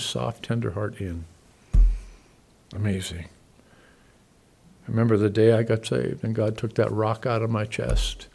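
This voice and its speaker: A man preaching a sermon, talking conversationally to his listeners, swinging from loud emphatic peaks to soft, quiet asides. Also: mid-range voice, vocal fry. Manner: conversational, asks the congregation questions. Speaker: pastor.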